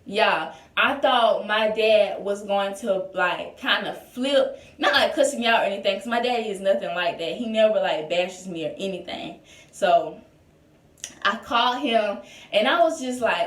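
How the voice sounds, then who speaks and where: A woman's voice: medium pitch, normal speed, distant mic. A young woman telling a personal story in a casual storytime vlog, chatty and full of "like" and "y'all". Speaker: vlogger. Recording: echoey room, voice a bit off-mic.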